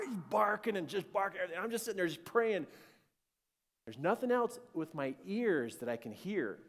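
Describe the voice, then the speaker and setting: Animated man telling a spiritual story. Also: sits high, moderate pace, gravelly, big-room sound. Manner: animated, acts out scenes, swings between hushed and shouting.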